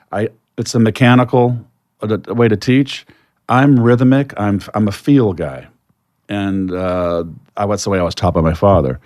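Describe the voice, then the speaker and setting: An older man, a retired baseball player, telling stories as a guest in a podcast interview, reflective and lively when acting out conversations. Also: on the low side, normal speed, no room sound, studio quality.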